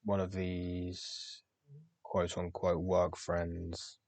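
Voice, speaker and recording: A podcast host, a young man with a very deep, level, slightly mellow voice, talks candidly in a diary-like monologue with completely flat delivery. He pauses on words and starts over as he reflects. The recording is dry and close, with no room sound.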